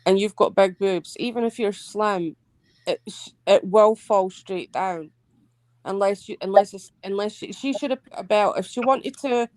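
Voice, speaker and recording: A woman's voice: medium pitch, moderate pace, a little mellow, no echo. A woman guest in a casual stream chat, blunt and emphatic, swearing freely.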